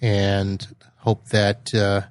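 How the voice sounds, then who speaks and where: Male host, relaxed, self-mocking; low voice, dry mic. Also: drawn-out words, clean tone, no room sound. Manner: easygoing, laughs at himself. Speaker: podcast host. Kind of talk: conversational interview.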